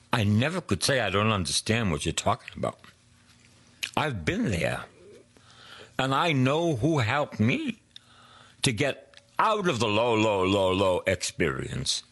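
Male preacher, measured and emphatic, very lively pitch, hushed prayer asides. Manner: slow, emphatic preaching with soft whispered prayers. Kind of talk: sermon.

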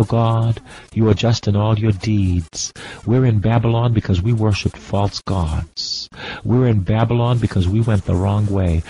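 Male preacher, low gravelly voice, slow and insistent sermon delivery, faint noise behind. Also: dark tone, poor audio. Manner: impassioned, repetitive, drawn-out preaching cadence.

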